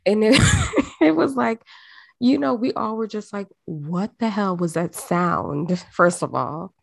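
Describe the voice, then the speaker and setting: A woman's voice: medium pitch, expressive, takes it slowly, vocal fry, slightly rough, dry recording, clean studio sound. A woman with a South Jersey accent, a podcast co-host telling stories in casual slang and laughing often. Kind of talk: casual chat.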